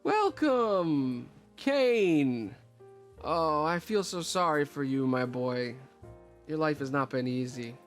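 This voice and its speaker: A man's voice: on the high side, expressive, slow pace, soft background music. A man voicing a cryptic female fortune-teller who mocks and teases with impatient asides. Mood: welcoming. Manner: mocking, teasing and impatient. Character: cryptic fortune-teller woman, smug and easily annoyed.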